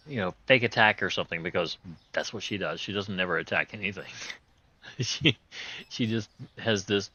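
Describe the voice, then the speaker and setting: A low-pitched man chats through a game session with a hoarse voice that is still on the mend. His tone is sharp and forceful. He rambles, cracks jokes and chuckles as he goes, in folksy, loose grammar. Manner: joking, rambling, chuckles often. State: hoarse, recovering voice. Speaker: host playing a video game. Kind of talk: casual gameplay commentary.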